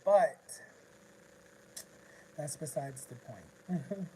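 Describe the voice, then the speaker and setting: A man's voice: fairly high pitch, lively intonation, very slow, warm tone, a little hiss or hum, poor audio. Rambling man telling an emotional story. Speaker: vlogger. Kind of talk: casual rambling livestream chat.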